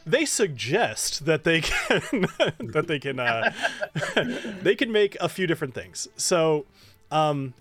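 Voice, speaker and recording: A man's voice: fairly high pitch, big pitch swings, takes it slowly, a bit bright, no room sound. A man narrating as game master of a tabletop game, talking with lots of fillers, restarts and laughter. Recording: music playing faintly behind.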